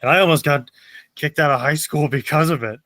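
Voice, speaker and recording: A man's voice: on the high side, brisk, a bit bright, dry recording. Young man, podcast host, casual storytelling, frequent laughs, dry close sound. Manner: laughs often while telling stories. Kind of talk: casual chat.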